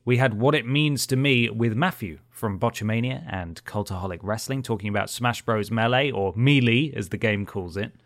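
Relaxed man, dry close mic. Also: lowish voice, moderate pace, hardly any pauses, no echo. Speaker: podcast co-host. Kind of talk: casual podcast outro.

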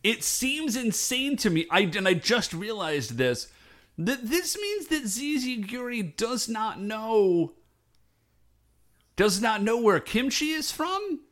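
A man co-hosting a casual chat, telling the story in an animated, incredulous way. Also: sits high, takes it slowly. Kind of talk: casual chat recapping a show.

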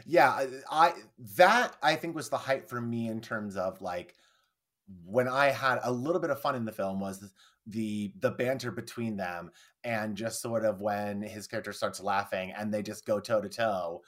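A man's voice: lowish voice, normal speed, fairly bright tone. A man co-hosting a film podcast in casual chat, rambling and swearing freely as he acts out quoted lines. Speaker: podcast co-host.

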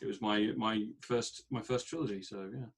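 A man who writes books, co-hosting a casual podcast about writing. He stammers as he starts his points and grows animated when a point bothers him. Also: on the low side, moderate pace, vocal fry, husky. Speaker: author, podcast co-host.

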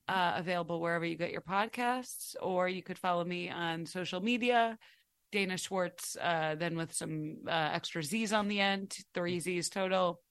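A woman's voice: fairly low pitch, fairly bright tone, clear, resonant tone. A woman author, a podcast guest, telling stories in a chatty, self-deprecating way. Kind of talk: casual interview chat.

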